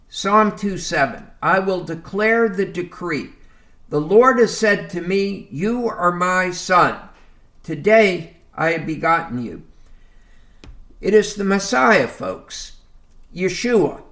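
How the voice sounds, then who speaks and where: A man teaching a Bible lesson, reading verses aloud and explaining them deliberately, often calling his listeners folks. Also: high voice, lively intonation, sharp tone. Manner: slow, deliberate, reads scripture aloud and explains it.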